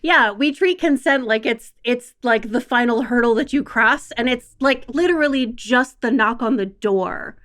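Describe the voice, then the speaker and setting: A woman's voice: a little high, normal speed, few pauses, fairly bright tone. A woman sex educator talking frankly and wryly as a podcast guest, emphatic and conversational.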